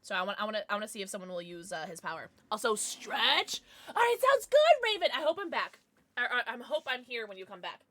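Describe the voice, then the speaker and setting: Bright, lively young woman streamer. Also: medium pitch, fast. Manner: excitable, shrieks at sudden scares, then chatty and apologetic. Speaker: livestreamer. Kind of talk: live gameplay commentary chatting with viewers.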